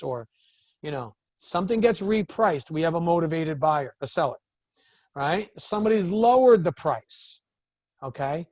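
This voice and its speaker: High-voiced man telling lively business stories. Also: moderate pace, no room sound, highs cut off. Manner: animated storytelling, acts out the other people in his stories. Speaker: business coach. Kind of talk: talking to a group of business owners.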